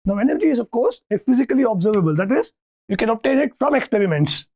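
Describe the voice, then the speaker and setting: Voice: medium pitch, very animated, fast talker, darkish tone. A lecturer giving a university lecture, thinking aloud with restarts and often asking "okay, right?" to check that students follow.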